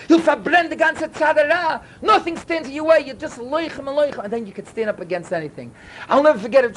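A man gives a Torah talk full of stories, fervent and emphatic, swinging between loud and hushed. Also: very high-pitched, slight background noise, low-quality recording. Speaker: yeshiva speaker.

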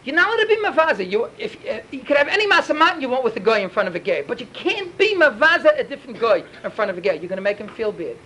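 Fast, high-voiced man teaching Talmud. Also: slight background noise, poor audio. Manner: animated, rapid storytelling peppered with Yiddish and Hebrew terms. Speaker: Torah teacher. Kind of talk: Talmud lesson storytelling.

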